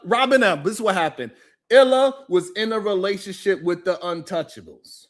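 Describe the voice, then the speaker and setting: A man hosting a live talk show, ranting in animated, profane commentary and repeating himself for emphasis. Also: sits high, normal speed. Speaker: host.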